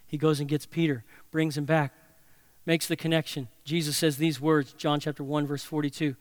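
A man preaching a sermon, telling a story dramatically, swinging between loud and hushed. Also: fairly high pitch, level tone, normal speed, no room sound. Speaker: pastor.

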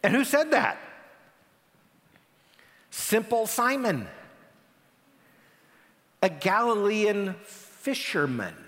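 A man preaching a sermon, animated, with dramatic pauses and frequent repeated words for emphasis. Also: a little high. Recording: long hall reverb.

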